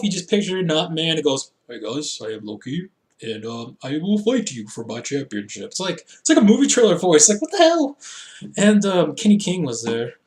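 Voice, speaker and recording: Rambling, jokey young man. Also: a little high. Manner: rambling, jokey, acts out quotes in silly voices. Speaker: wrestling show reviewer. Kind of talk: casual solo recap.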